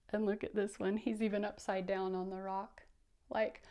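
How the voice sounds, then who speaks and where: A woman's voice: medium pitch, level tone, normal speed, warm tone. A woman reading a picture book aloud to children, explaining the story and prompting them to repeat words and sounds with her.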